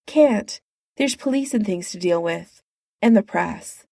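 A woman's voice: mid-range voice, lively intonation, unhurried, gravelly, mellow, no echo, studio quality. A woman voicing a brash, bossy man who talks in a breezy, dismissive way. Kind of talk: audiobook character voice.

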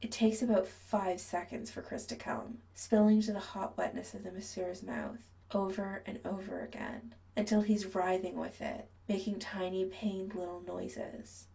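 A woman reading a story aloud in a soft, hushed narration that often drops to a whisper. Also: medium pitch, level tone, unhurried, gravelly, hardly any pauses, far from the mic, rough recording. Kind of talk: scripted narration.

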